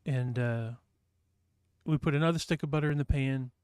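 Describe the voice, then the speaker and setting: A man's voice: medium pitch, moderate pace, a little mellow, clean tone, no room sound, studio quality. A man from New Hampshire hosting a casual livestream chat, rambling and reading viewers' messages aloud. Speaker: livestream host.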